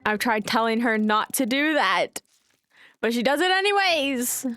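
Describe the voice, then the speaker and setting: A woman's voice: a little high, lively intonation, a little slow, a bit bright, no room sound. A woman from the United States streaming, chatting casually and ranting with freely dropped swears. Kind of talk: casual chat with voice call and chat.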